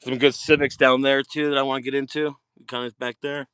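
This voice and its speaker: A man giving a casual live-stream tour of his diecast collection, excitable, swearing freely and repeating himself. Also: medium pitch, brisk, clear, resonant tone, dry recording. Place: home storage rooms and outdoors at night.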